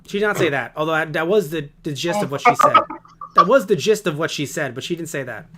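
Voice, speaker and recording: A man's voice: on the high side, lively intonation, fast, very noisy. A man co-hosting a casual podcast, rambling and ranting with heavy swearing. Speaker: podcast co-host.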